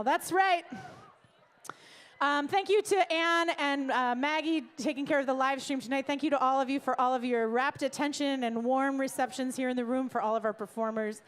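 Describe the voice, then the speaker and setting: High-voiced woman hosting a live show. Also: moderate pace, clear, resonant tone. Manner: playful, energetic, shouts to the crowd. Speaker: event host. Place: live music venue.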